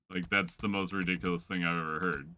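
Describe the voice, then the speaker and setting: A man's voice: sits low, pushed and bright. A man streaming a game, chatting casually with friends in a rambling, profane way and laughing often. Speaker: gaming streamer. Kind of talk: casual chat while gaming.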